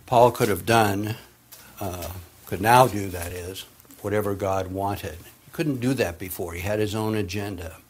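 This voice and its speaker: A man preaching a sermon, swinging between hushed, drawn-out phrases and emphatic, raised passages, with dramatic pauses. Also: lowish voice, slight background noise.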